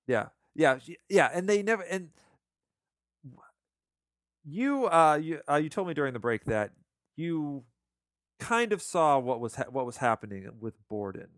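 A man co-hosting a casual film discussion, talking in halting bursts with many restarts. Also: a little high, animated, no room sound, studio quality. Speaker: podcast co-host.

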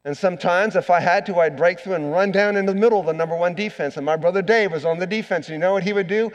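A man's voice: sits high, fast, dull audio. Preaching man in a reverberant church. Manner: earnest preaching, swings from loud emphasis to hushed. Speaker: pastor. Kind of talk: sermon. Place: church sanctuary.

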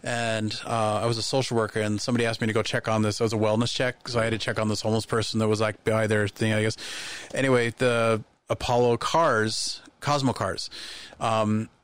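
A man in casual podcast chat, telling lively anecdotes and acting out the voices of people in them. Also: lowish voice, fairly quick, clean tone, dry recording. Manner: animated anecdotes, acts out quoted voices. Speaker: podcast guest.

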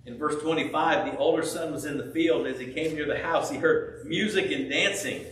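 A man preaching a sermon, telling a parable with lively acted-out voices of the characters. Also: fairly high pitch, moderate pace, very echoey, recorded from a distance, low-quality recording. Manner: animated storytelling, acting out biblical characters' voices. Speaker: pastor.

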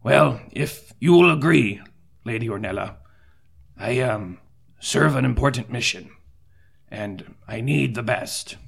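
A man playing an earnest cleric at a tabletop game, soft-spoken and measured, with pauses. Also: medium pitch, expressive, creaky, breathy edge. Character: earnest male cleric recruiter. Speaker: player voicing a cleric. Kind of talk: tabletop role-play in character.

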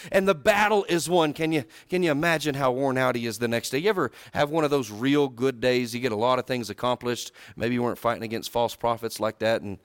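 In a studio recording free of room sound, a preacher recounts a Bible story with folksy charm, his smooth voice shifting from loud, high outbursts to soft, low asides.

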